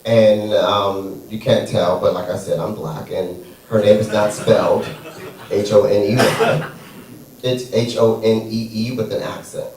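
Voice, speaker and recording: A man's voice: lowish voice, little pitch movement, a little slow, darkish tone. A man performing a stand-up comedy set on a theater stage, sassy and playful, drawing out his punchlines. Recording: echoey room, far from mic.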